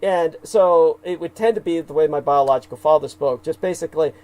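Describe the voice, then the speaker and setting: A man's voice: on the high side, a little fast, a little mellow, low-quality recording. A man co-hosting a livestream, talking at length in a hesitant, rambling way full of fillers and restarts. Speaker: livestream co-host.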